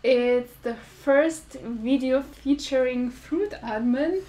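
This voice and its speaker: A woman hosts a relaxed mukbang live stream, chatting with her viewers. She speaks slowly and deliberately, in a friendly, talkative manner. Her voice sits a little high. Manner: slow, deliberate speech for viewers; friendly, chatty, laughs often. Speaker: vlog host.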